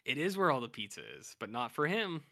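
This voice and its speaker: A man's voice: a little high, very animated, quick pace, sharp tone, no room sound, studio quality. A man co-hosting a podcast in casual chat, animatedly retelling episodes and acting out what characters say. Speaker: podcast co-host.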